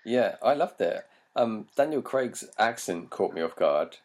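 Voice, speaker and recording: A man's voice: on the low side, lively intonation, unhurried. A man from Britain co-hosting a film podcast, hesitant and laughing often as he talks. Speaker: podcast co-host. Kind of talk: casual chat.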